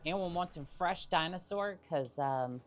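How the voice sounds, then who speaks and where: Woman streaming a game, low voice, slow and easy, jokes with chat. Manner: jokey, chatting to viewers. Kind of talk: casual gameplay commentary.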